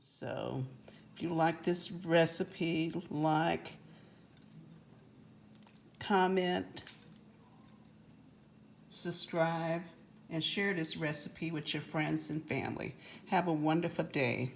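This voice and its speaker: A woman hosting a home cooking video, talking in a homey, unhurried way as she shows her baking. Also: low voice, steady tone, vocal fry, a little hiss or hum. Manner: homey, unhurried, repeats itself. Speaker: cooking channel host. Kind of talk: casual cooking demonstration.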